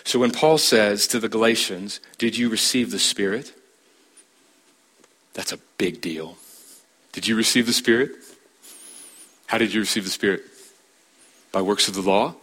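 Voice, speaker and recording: Guy preaching a sermon, bright forceful tone, keeps firing questions at the crowd. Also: normal speed, pauses often, breathy edge. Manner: emphatic, rising to a high pitch to stress points; questions the listeners directly.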